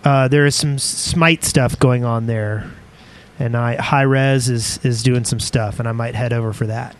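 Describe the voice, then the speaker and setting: A man's voice: medium pitch, fairly even intonation, measured pace. A man co-hosting a podcast, chatting casually with brief, agreeable interjections. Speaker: podcast co-host. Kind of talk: casual chat.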